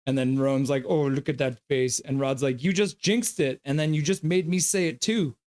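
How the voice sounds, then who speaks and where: A man's voice: medium pitch, steady tone, moderate pace, a little mellow. A man hosting a live stream. He reads viewer comments aloud, gives loose play-by-play, and coos at his dog. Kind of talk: casual live game reaction and chat reading.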